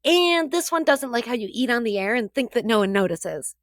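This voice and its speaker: A woman co-hosting a comedic radio show in a studio, playful with deadpan jokes. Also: on the high side, brisk, dry recording.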